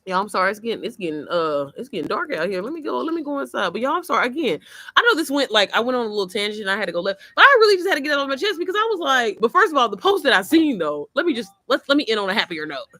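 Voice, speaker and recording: A woman chatting casually to camera on her computer, animated and quick to laugh, swearing freely as she tells stories. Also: on the high side, dry recording, studio quality. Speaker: vlogger. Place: outdoors, then inside. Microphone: computer mic.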